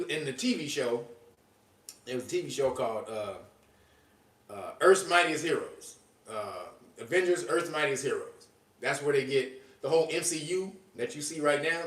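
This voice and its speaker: Man, podcast host, casual commentary, fairly high voice, bright tone, laughs a lot, slangy, echoey room, distant from the mic. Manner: animated, laughs often, slangy and profane.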